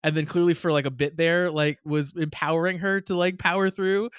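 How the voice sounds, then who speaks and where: A man in relaxed podcast chat, a little higher than average, with a smooth, clear voice. He chuckles often and wanders through his points, recorded dry and close. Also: a little fast, no echo. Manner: chuckling, supportive listener with rambling asides. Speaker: podcast co-host. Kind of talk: casual chat.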